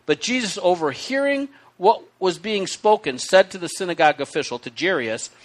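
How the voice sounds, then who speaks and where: A man preaching a sermon with hiccups, reading scripture aloud and explaining it in an animated, conversational way. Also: sits high, moderate pace. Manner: animated, conversational teaching with asides. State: has the hiccups.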